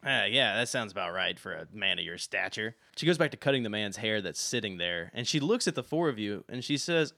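Bright-voiced young man narrating a game. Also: lowish voice, fairly quick, creaky, few pauses, no echo, studio quality. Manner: relaxed, filler-heavy narration. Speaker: game master.

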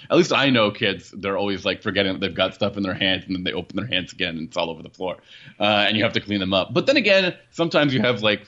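A man's voice: on the low side, sharp tone. A man reviewing a car in a casual podcast chat, rambling and correcting himself as he goes, with small laughs at his own jokes. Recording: muffled, lo-fi audio.

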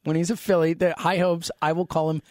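A man's voice: fairly high pitch, little pitch movement, fairly quick, a little mellow, no echo, studio quality. A man in his thirties co-hosting a sports podcast, talking in casual, teasing banter. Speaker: podcast co-host.

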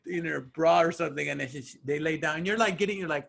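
A man's voice: a little high, fast, vocal fry, few pauses. A man co-hosting a podcast, chatting casually about a film and acting out its characters. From Mexican-American. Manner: animated, acts out film characters. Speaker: podcast co-host. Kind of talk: casual movie chat.

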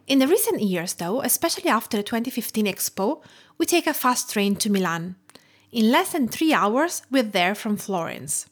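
A woman from Tuscany with an Italian accent, hosting a food podcast and reading her intro in a measured way. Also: fairly high pitch, big pitch swings, husky. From Tuscany, Italy. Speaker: podcast host. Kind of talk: scripted podcast intro and interview.

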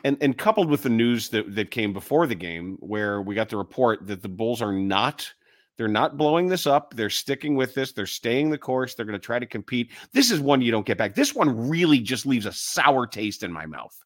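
Man, frustrated sports podcast co-host, lively pitch, dry close sound. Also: moderate pace, dry recording. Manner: frustrated, grumbling sports fan. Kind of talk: casual sports chat.

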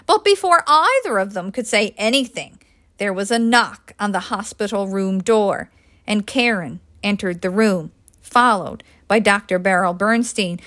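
A woman, a published author, reading an audiobook aloud in a lively, expressive way. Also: mid-range voice, no room sound, clean studio sound. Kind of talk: audiobook narration.

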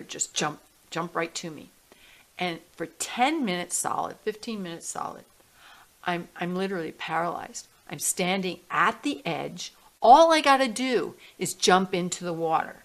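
Animated woman telling a personal story. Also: fairly low pitch. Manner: animated storyteller, acting out her inner voices. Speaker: guest, healing music artist. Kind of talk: storytelling in a podcast interview.

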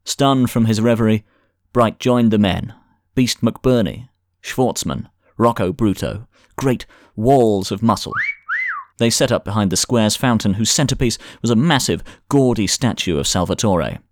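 A man reads a thriller audiobook in a measured, dramatic way. His voice sits low, and the studio sound is dry and close. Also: darkish tone, dry recording. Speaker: narrator. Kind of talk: scripted audiobook narration.

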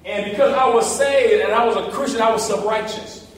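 A male pastor in his fifties preaching a lively, folksy sermon, calling out to the congregation and building to shouts. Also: sits high, brisk, recorded from a distance. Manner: animated, folksy preaching with rising shouts and call-outs to the congregation. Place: large church hall. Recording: echoey hall reverb.

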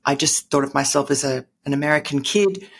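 A woman's voice: low-pitched, a little fast, creaky, slight background noise. A middle-aged Australian woman, a guest in an interview, telling stories in a rambling way with many fillers and restarts. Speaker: guest columnist. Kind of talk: conversational interview.

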